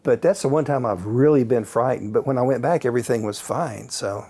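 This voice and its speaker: Calm man telling ghost stories. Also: medium pitch, a little fast. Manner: calm, casual, many fillers. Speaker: guest author and paranormal researcher. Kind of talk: relaxed anecdotal storytelling.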